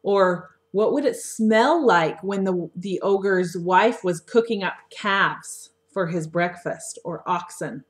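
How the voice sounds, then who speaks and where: Slow, coaxing woman teacher. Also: on the low side. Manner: slow, coaxing questions to children. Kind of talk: read-aloud lesson for young children. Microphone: webcam microphone.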